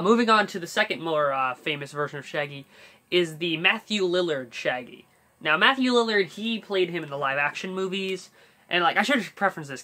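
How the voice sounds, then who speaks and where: A man's voice: fairly high pitch, bright, forceful tone. A man hosting a casual voice-impression tutorial, talking in a rambling way with fillers and restarts. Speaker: YouTube voice tutorial host.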